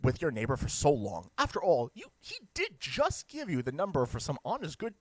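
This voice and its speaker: Animated hammy webcomic reader. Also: fairly quick. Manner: hammy, jokey, swings between deadpan and shrill outbursts. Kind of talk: reading a webcomic aloud with reactions.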